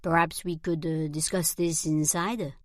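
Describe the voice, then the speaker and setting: A woman doing a formal older Frenchman with a low voice. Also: steady tone, a little slow, no echo, clean studio sound. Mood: guarded, formal. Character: older male French jeweler, guarded, formal.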